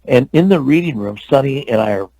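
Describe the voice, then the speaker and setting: An older man, an actor and stuntman, telling lively anecdotes as a guest in an interview. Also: medium pitch, fairly quick, vocal fry, no echo, poor audio. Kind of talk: storytelling interview.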